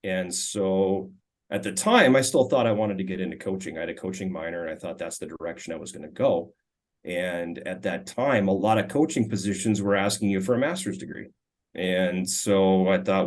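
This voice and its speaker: A man in his forties from Minnesota talks through old stories in a relaxed, chatty interview. His voice sits fairly low, and he keeps stumbling over his first words and restarting. He tells it like a former player chatting over tea. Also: moderate pace. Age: 40s. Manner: relaxed, frequent stammered restarts. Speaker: guest, former hockey player and radio color commentator. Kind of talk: casual storytelling interview.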